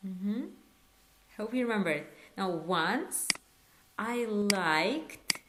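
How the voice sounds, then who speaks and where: A woman teaching an online language lesson, coaxing learners with quiz prompts and slow drilled phrases. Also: mid-range voice, lively intonation, a bit bright, slight background noise. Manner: switches between slow drilled phrases and quick repeats. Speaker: Hebrew teacher.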